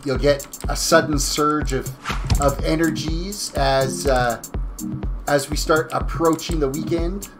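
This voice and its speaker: A man's voice: a little high, fairly even intonation, slow. A middle-aged man chatting casually on a live game stream, rambling while he reads chat aloud. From Canada. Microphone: desk mic beside him. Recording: music playing behind the voice. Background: music and keyboard typing.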